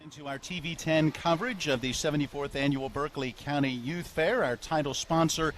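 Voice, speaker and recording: A man's voice: a little high, brisk, a little hiss or hum. Man announcing a local fair broadcast. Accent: West Virginia. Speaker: broadcast host.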